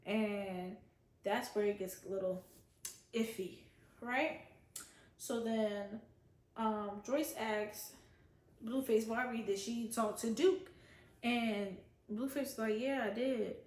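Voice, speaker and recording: A woman's voice: fairly high pitch, steady tone, slow, pauses often, a little mellow, echoey room. A woman casually giving an opinionated, chatty review of a reality show. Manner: chatty, opinionated, quotes others in voices. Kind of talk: casual chat.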